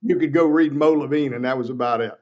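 A man's voice: mid-range voice, fast talker. A man in his sixties, a trial lawyer guest, telling courtroom stories bluntly and acting out quotes. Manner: animated, blunt, salty, acts out courtroom quotes. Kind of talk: casual interview storytelling.

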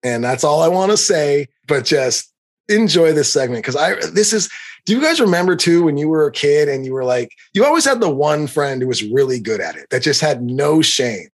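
A middle-aged man hosting a podcast, ranting in an animated, profane, heated way. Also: fairly high pitch, moderate pace. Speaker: podcast host. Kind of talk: comedic rant.

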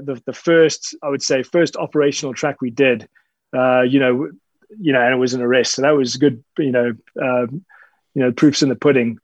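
A man, telling stories casually in an interview, relaxed and rambling with many fillers and restarts. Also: mid-range voice, no room sound. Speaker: interview guest, dog handler and tracker. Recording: slightly dull lo-fi sound.

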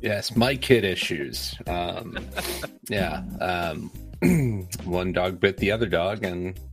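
An American man with a very low voice co-hosts a casual podcast. He talks in a dry, laid-back way, often in short replies. Faint music sits behind him. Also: animated, slow pace, creaky. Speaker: podcast co-host. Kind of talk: casual sports podcast chat.

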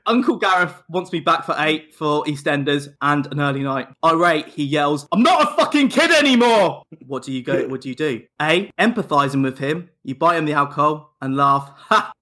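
A man's voice: on the high side, moderate pace, few pauses, sharp tone. A young man hosting a casual podcast quiz, playful and full of banter. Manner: playful, laughing, banter-heavy. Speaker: podcast host, quizmaster.

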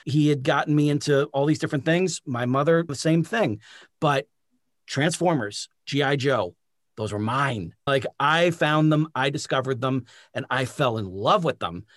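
A man in his forties hosts the interview in a casual, eager way, often affirming the guest. His voice sits at an ordinary middle pitch and the recording is dry and close. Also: normal speed, a bit bright, no room sound. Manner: eager, affirming, loose with fillers. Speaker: interview host.

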